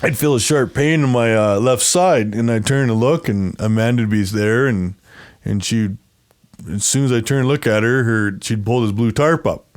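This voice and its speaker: A man in the guest seat tells a long story in a casual, rambling way. His voice sits at an ordinary middle pitch. He slips into quick impressions when he quotes the people around him, and he laughs along the way.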